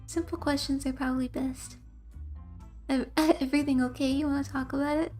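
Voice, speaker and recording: Faint music plays behind a young female streamer whose high-pitched, steady voice is a little mellow and fairly quick. She reads game text aloud, drifts into rambling stories between lines, and laughs a lot as she casually comments on the game.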